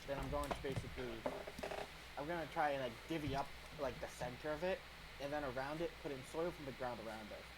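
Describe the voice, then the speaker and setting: A man playing a tabletop role-playing game, talkative and thinking out loud. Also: mid-range voice, background noise. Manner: quick, talkative, thinking aloud. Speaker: player. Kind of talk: casual tabletop role-play.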